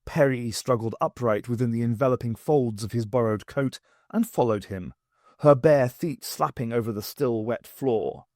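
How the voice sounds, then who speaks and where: A man reads a novel aloud for an audiobook, telling the story expressively. He speaks at a medium pitch and a moderate pace, recorded cleanly in a studio with no room sound.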